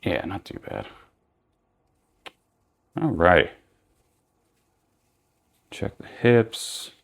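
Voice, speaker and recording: A man's voice: low-pitched, sing-song, extremely slow, creaky, fairly bright tone. A young man giving casual, rambling commentary while unboxing and reviewing action figures, often correcting himself mid-sentence.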